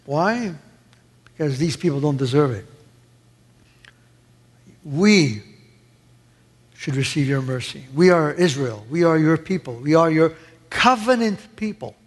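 A man's voice: on the high side, animated, measured pace, long pauses, long reverb tail. A man preaching a sermon with passion, acting out the voices he quotes. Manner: impassioned, acts out quoted voices.

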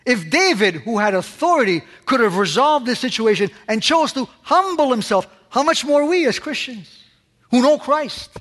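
High-voiced man preaching in a reverberant hall. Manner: impassioned preaching, rising high on questions and dropping to a hush. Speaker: pastor. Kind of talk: sermon.

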